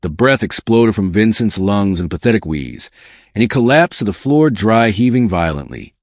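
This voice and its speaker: A man's voice: lowish voice, expressive, moderate pace, no echo, clean studio sound. A man reading a dramatic story as scripted narration with an intense delivery.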